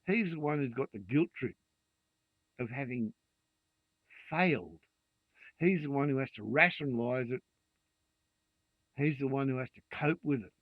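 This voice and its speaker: A man's voice: medium pitch, animated, measured pace, long pauses, no room sound. A man in his sixties with an Australian accent, ranting vehemently and swearing freely in a monologue to camera. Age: 60s. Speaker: vlogger. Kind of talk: angry rant to camera. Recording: dry tinny phone-like sound.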